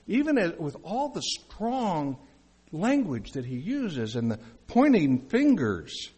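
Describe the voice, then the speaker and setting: A man's voice: sits high, a little mellow, breathy edge. A male pastor preaching a sermon in a conversational way, with asides and questions to the congregation.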